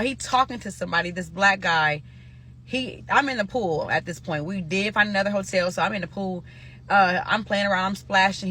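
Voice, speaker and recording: Young woman, from nebraska, bright tone, lively cursing storytime, talks right to viewers. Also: medium pitch. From Omaha, Nebraska. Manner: animated, profane, talks straight to viewers. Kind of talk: casual storytime.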